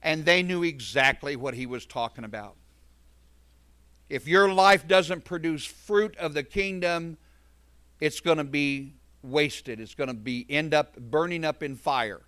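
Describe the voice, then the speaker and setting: A man's voice: fairly high pitch, measured pace, pushed and bright, no room sound. A man preaching a verse-by-verse sermon, earnest and emphatic, breaking off into conversational asides.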